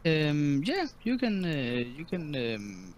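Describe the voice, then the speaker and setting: A man running a tabletop game as dungeon master, talking in a halting way with many ums and restarts. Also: fairly high pitch, wildly swooping pitch, slight background noise. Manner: halting, full of ums and restarts, laughs easily.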